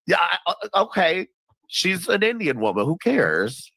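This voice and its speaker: A man with a bright, tense tone and a lively, wide-ranging pitch who questions the others' claims, pausing on fillers. The recording is dry and close. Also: dry recording. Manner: measured, questioning, hesitant fillers. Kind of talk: casual argument on a call.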